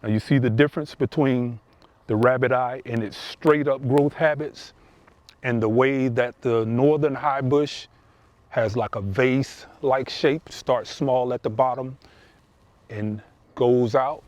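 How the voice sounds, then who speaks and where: A man's voice: medium pitch, fairly even intonation, measured pace, a little mellow, no echo. A man hosting a gardening video, explaining things in a folksy, casual way while walking through his outdoor garden. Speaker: gardening channel host.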